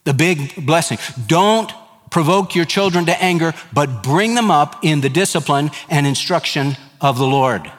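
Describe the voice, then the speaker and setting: Middle-aged male pastor, emphatic sermon delivery, fairly high voice, reverberant church sound. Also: expressive, moderate pace, soft background music. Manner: earnest, emphatic preaching with repeated lists. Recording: hall reverb.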